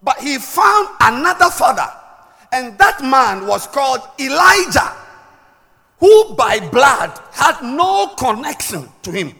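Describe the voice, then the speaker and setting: A woman's voice: very animated, slow pace. Woman preaching in an echoey hall. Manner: swings between loud shouted emphasis and quiet, low asides. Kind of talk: sermon. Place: large church hall. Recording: echoey hall with long reverb.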